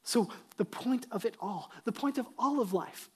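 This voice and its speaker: A man's voice: very high voice, lively intonation, normal speed, few pauses, husky. A man delivers a sermon from the pulpit with an emphatic, driving manner. He keeps turning to the congregation with rhetorical questions and repeats his key lines for weight. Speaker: pastor.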